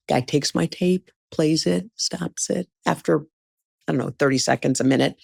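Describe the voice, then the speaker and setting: A middle-aged American-raised woman telling a long anecdote as a guest, animated and quick to mimic the people in her story. Her voice sits a little low for a woman. The sound is close and dry, with no room around it. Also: creaky, breathy edge, no room sound. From United States. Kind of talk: storytelling in a conversation.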